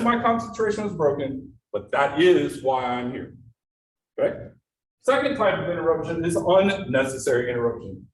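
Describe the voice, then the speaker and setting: A middle-aged man giving an interactive productivity workshop, engaging the room with frequent questions to the audience, speaking in a meeting room before a live audience. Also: a little high. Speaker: workshop presenter. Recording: echoey room, distant mic, faint noise.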